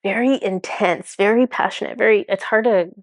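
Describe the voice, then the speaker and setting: A woman's voice: mid-range voice, moderate pace, no echo. A woman speaking as a spiritual channeler in a casual, enthusiastic monologue full of fillers. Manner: chatty, filler-heavy, enthusiastic.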